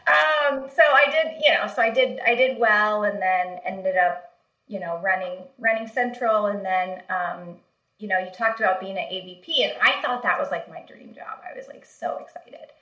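Bright-voiced woman telling stories animatedly. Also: mid-range voice, normal speed, echoey room, poor audio. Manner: animated, laughs often, many fillers. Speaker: guest, marketing executive. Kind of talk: casual interview storytelling.

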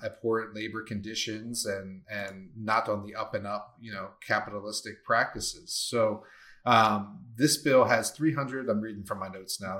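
A man with a somewhat low voice co-hosts a casual podcast conversation. He is blunt and opinionated and swears without thinking twice. He reasons out loud in long, rambling sentences. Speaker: podcast co-host.

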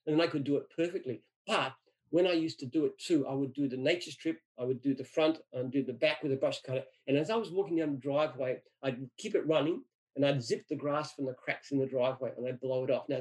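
On a low-quality recording, a middle-aged man from Australia, a franchise founder, tells anecdotes in answer to interview questions. His mid-range, somewhat mellow voice moves fast, emphatic, with repeated words as he restarts sentences.

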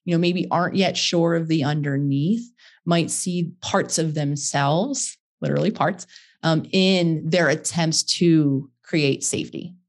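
A woman hosting a podcast, asking long, measured, thoughtful questions. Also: low-pitched, steady tone. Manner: measured, thoughtful, searching phrasing. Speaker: podcast host. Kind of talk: interview conversation.

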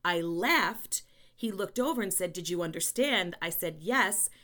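A woman guest on a podcast interview, a language educator telling a story in an animated, emphatic way. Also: lowish voice, normal speed. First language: English.

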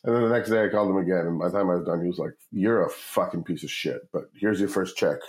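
A man's voice: sits low, quick pace, rough recording. Rambling, profane man telling a story. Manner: profane, rambling, animated quoting of others. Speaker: guest, startup founder. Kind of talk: casual storytelling interview.

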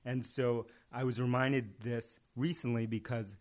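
A man's voice: mid-range voice, fairly even intonation, measured pace, a little mellow. A man in casual conversation, telling a story and acting out its dialogue. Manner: tells parables with acted-out dialogue.

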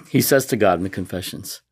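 A man talking as a guest in a conversational interview, soft-spoken and moved, laughing often. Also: lowish voice, animated, fairly quick, slightly rough. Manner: emotional, choking up while reading aloud. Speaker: guest author.

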